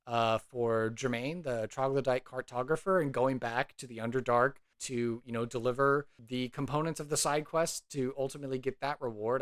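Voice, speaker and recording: A man's voice: medium pitch, dry recording. Man narrating a tabletop role-play. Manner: rambling with fillers, descriptive. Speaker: game master and podcast host. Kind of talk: casual narration of a tabletop game.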